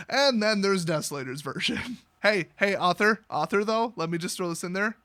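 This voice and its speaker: A man's voice: high-pitched, lively intonation, normal speed, bright, forceful tone. A man mockingly recapping a fantasy story, with crude, sarcastic jokes. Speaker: host.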